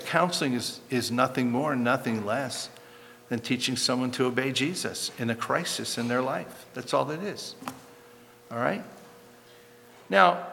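A man preaching a sermon as pastor, emphatic and building to loud, animated passages. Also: mid-range voice, in a large hall, a little hiss or hum.

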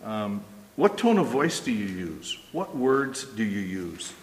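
A man's voice: on the low side, sing-song, slow pace, a little hiss or hum. A middle-aged male pastor preaching a sermon in a conversational way, often checking in with "right?". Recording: echoey hall with long reverb.

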